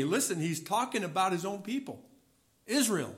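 Male preacher, high voice, emphatic sermon delivery with rhetorical questions. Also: sing-song, moderate pace, a bit bright. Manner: emphatic, questioning, drops low on key words; reads scripture aloud with rising voice.

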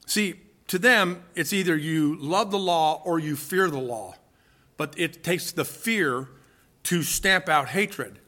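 Male preacher, emphatic sermon delivery, rhetorical questions, high bright tone. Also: slow. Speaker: pastor.

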